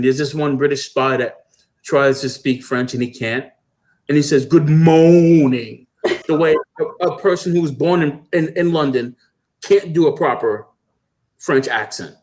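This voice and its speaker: A man animatedly recounting a show in casual livestream chat over a video call. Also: mid-range voice. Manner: animated storyteller. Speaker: panel guest.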